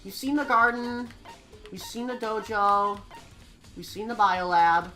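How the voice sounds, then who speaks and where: A woman streaming a game playthrough, her voice raspy from allergies, chatting and giggling with viewers between voiced scenes. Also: medium pitch, measured pace, sharp tone, faint music behind. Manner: chatty, giggly asides to chat.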